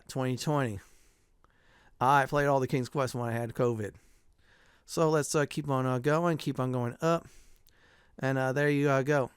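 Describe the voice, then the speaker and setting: A man's voice: mid-range voice, clean tone, no room sound, clean studio sound. A middle-aged man giving casual commentary over a video game playthrough, chatty, with lots of "uh" fillers and frequent chuckles. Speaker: gameplay commentator.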